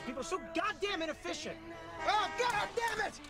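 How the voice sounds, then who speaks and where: A man voicing himself as an enraged driver shrieking profanities at traffic in a shrill, high voice. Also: moderate pace, loud music behind the voice. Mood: furious.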